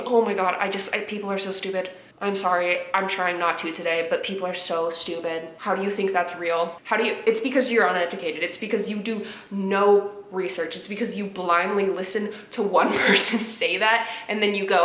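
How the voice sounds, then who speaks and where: A young woman at home, reacting to memes with sarcastic, animated commentary, laughing often and dropping into muttered asides. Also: mid-range voice, moderate pace, reverberant. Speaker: video creator reacting to memes. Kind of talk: casual commentary vlog. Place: home apartment.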